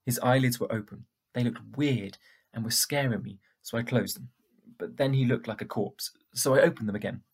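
A man reading a first-person storybook aloud in a steady, plain way, with a husky voice. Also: medium pitch, normal speed. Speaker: audiobook narrator.

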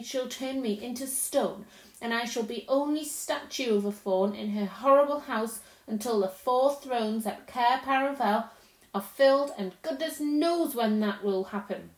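A woman's voice: fairly high pitch, a little mellow, close to an everyday voice. A woman voicing a timid, kindly male faun who speaks in an anxious, fretful, politely old-fashioned way. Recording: roomy echo.

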